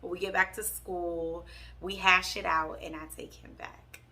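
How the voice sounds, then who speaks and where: A young woman from Pittsburgh tells a storytime vlog with candid, sassy energy, talking straight to her viewers. Her voice has a bright, forceful edge with a gravelly fry underneath. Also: on the low side, level tone, measured pace. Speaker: vlogger.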